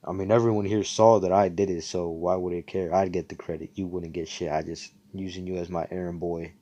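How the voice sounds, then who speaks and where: A man's voice: sits low, little pitch movement, a little fast, warm tone, highs cut off. A man voicing a brash, cocky young male hero who swears and talks down to others.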